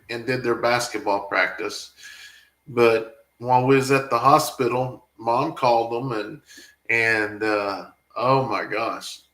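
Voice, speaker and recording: A man's voice: medium pitch, a bit bright, echoey room, low-quality recording. A man, a family farm vlogger, rambling and emotional as he talks back to viewer comments in a casual live stream.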